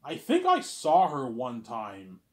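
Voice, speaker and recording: A man's voice: mid-range voice, wildly swooping pitch, slow, darkish tone. A man in his thirties telling a personal story in a casual monologue, rambling, repeating himself and swearing often. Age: 30s. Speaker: vlogger.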